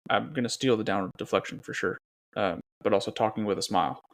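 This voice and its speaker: A man with a somewhat low voice, co-hosting a podcast. He talks in a relaxed, easygoing way and often restarts his sentences as he works out a thought. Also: fast talker. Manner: easygoing, thinks aloud with restarts. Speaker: podcast co-host. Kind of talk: casual podcast chat.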